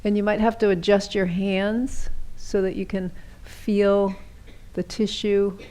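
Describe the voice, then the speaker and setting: A middle-aged woman leading a seated yoga class, giving gentle, chatty cues and often checking in with "right?". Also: medium pitch, little pitch movement, takes it slowly. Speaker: chair yoga instructor.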